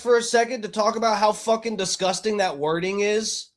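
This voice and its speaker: A man's voice: high-pitched, steady tone, brisk, hardly any pauses. A man hosting a live stream, giving profane, mocking, agitated commentary. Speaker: streamer host.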